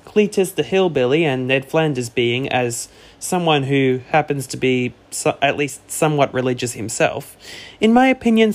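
A man hosting a solo commentary podcast, talking casually with fillers and self-corrections. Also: a little high. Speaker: podcast host.

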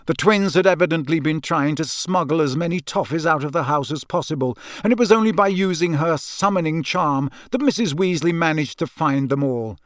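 A man narrating a story in a measured, expressive way, his voice sitting slightly high. The sound is close and dry with no room around it. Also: no echo. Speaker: audiobook narrator. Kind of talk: scripted narration.

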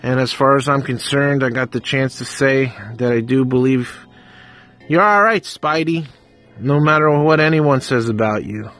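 A man's voice: medium pitch, normal speed, a bit bright, soft background music. Theatrical, mock-heartfelt man. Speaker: podcast guest. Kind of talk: mock-sentimental address.

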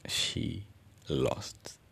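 A man's voice: very slow, a bit bright. A young adult man, telling a personal story in an earnest, reflective way as a podcast host. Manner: earnest, reflective, searching for words.

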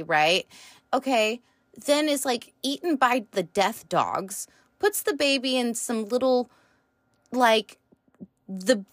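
A woman's voice: a little high, a bit bright, no room sound. A woman reviewing a TV show in a casual, rambling chat, full of fillers and the odd swear word.

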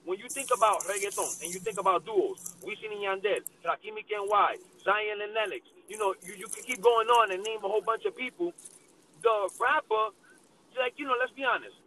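A man with a high, bright voice talks in a casual debate, emphatic and argumentative, repeating his fillers. He sits a little away from the mic. A faint background hiss runs under him. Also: fairly quick, recorded from a distance, rough recording. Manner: repeats fillers like "you know what I mean".

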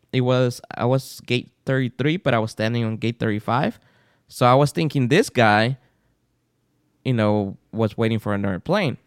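A man's voice: medium pitch, clean tone, no room sound, clean studio sound. A man co-hosting a podcast, telling a story in a casual chat and acting out the people in it. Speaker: podcast co-host.

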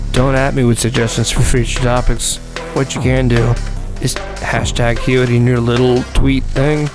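A man's voice: mid-range voice, gravelly. A man hosting a podcast in casual joking chat, goofy, bossy and mock-grandiose. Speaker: podcast host. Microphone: dynamic mic.

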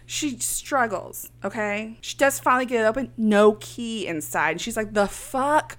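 A woman's voice: fairly high pitch, lively intonation, moderate pace, a bit bright. A woman co-hosting a podcast, casually recapping a movie with snark, frequent laughter and quoted voices. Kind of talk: casual chat.

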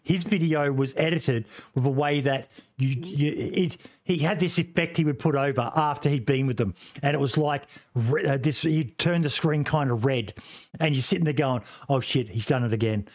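A male streamer with a fairly high-pitched voice talks about games at a normal speed for a casual podcast. He rambles and swears, full of fillers and restarts.

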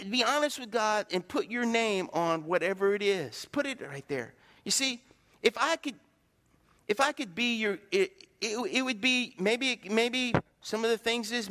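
A man's voice: sits high, sharp tone. A middle-aged man preaching a folksy, joking sermon, acting out the voices he quotes. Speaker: pastor. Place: church sanctuary. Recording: reverberant hall.

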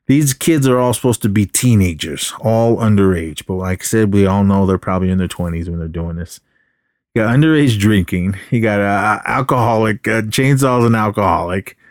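A man's voice: lowish voice, fairly quick, no echo, clean studio sound. A man hosting a podcast, casually recapping a movie in a rambling way and acting out the characters' lines. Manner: rambling retelling with acted quotes. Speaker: podcast host.

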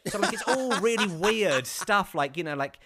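A man, an actor, telling a casual anecdote with many restarts and animated bursts. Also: sits high, normal speed, background noise. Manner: rambling with many restarts, rising to animated outbursts.

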